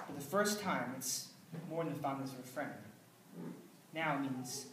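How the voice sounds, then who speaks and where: A man's voice: mid-range voice, moderate pace, noisy background. A man pastor delivering a sermon in an earnest, conversational way, with dry asides. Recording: roomy, distant mic, faint ambience.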